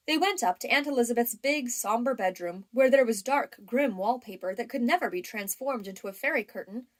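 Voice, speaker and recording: A woman narrating a classic novel as an audiobook reader, in a measured, even storytelling manner. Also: on the high side.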